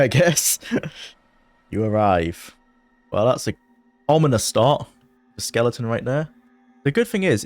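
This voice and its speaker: Excitable man narrating a game. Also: medium pitch. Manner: excitable, jumpy bursts of panic, frequent laughter. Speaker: gaming video creator. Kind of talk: let's play commentary.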